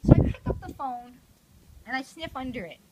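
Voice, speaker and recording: Brief: older woman, rambling foul-mouthed storyteller, lively swoops in pitch, noisy home recording. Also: fairly quick. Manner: rambling, profane, laughing often. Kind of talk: casual anecdote.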